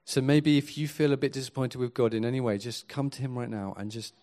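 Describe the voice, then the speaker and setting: Fast and steady in tone, this earnest preacher speaks at a middle pitch, building his sermon from quiet reflection into abrupt, forceful crescendos.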